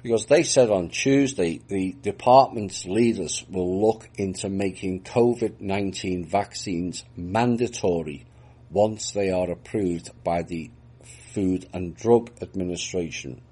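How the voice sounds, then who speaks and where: A man with a deep, husky voice reads news items aloud in a steady commentary style. He breaks in with dry, sarcastic asides between the reports. His tone stays dark and mellow throughout. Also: a little slow. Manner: dry, mocking remarks between read-out reports.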